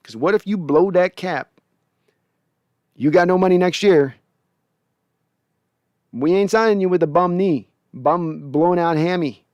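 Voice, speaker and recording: A man's voice: sits high, measured pace, long pauses, a little mellow, dry recording, lo-fi sound, voice pushed up. A man voicing a folksy old grandpa football coach who talks in a coaxing, drawling twang.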